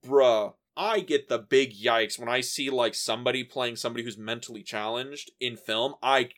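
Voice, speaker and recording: A man's voice: mid-range voice, moderate pace, a bit bright. A man hosting a podcast, talking about a film in a casual, rambling way with lots of fillers and swearing. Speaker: podcast host.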